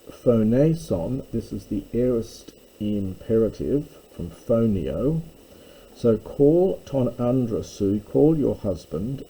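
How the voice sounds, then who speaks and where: A man teaching a slow, methodical line-by-line translation lesson, explaining grammar with pauses and fillers. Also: fairly low pitch, warm tone, husky, poor audio. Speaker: Greek teacher.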